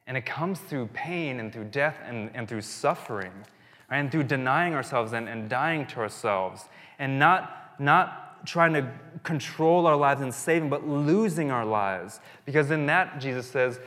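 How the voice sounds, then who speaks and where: A man's voice: medium pitch, a little slow. Thirties male pastor, chatty storytelling sermon, reverberant hall. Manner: conversational, warm-hearted storytelling with restarts. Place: church sanctuary.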